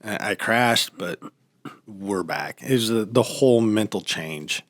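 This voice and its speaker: A man casually chatting on a podcast, telling stories with lively acted-out quotes. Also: on the low side, unhurried, gravelly, no room sound. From United States. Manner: animated storytelling, acts out quotes. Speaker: podcast host. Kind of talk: casual chat.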